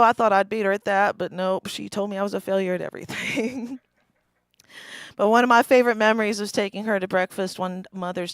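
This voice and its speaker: A woman's voice: medium pitch, fairly bright tone, clear, resonant tone, dry recording. A woman in her forties performing a stand-up comedy set, wry and self-deprecating, often laughing at her own jokes. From East Tennessee. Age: 40s. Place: small live comedy venue.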